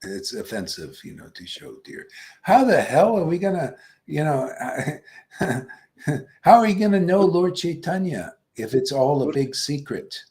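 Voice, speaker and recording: Brief: male spiritual teacher, slightly high voice, blunt and swearing, loud-to-mutter swings, laughs a lot. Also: very animated, a little slow. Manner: blunt and profane, swinging between loud bursts and muttered asides; laughs often. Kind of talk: informal devotional lecture.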